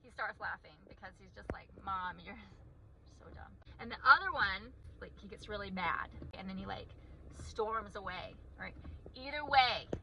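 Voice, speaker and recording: A woman's voice: medium pitch, lively intonation, moderate pace, creaky, background noise. A woman and parent giving a comedic, sarcastic, self-deprecating monologue about raising her son.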